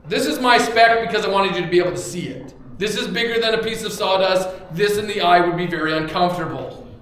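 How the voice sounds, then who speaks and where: A male pastor preaching a casual, joking sermon in a church, with props and sudden bursts of loud emphasis. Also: high voice, quick pace. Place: church sanctuary. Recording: very echoey room, faint background hum.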